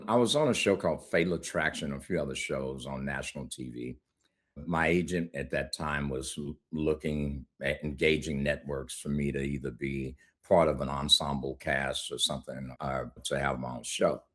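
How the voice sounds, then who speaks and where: A man's voice: extremely low pitch, moderate pace, fairly bright tone. A middle-aged man, a guest on an interview show, telling a personal story in a candid, conversational way, with frequent laughs.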